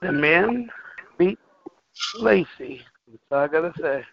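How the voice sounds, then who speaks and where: A man's voice: a little high, lively intonation, slow, creaky. A man co-hosting a wrestling podcast, giving hesitant, short answers. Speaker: podcast co-host. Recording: dull lo-fi sound with faint noise.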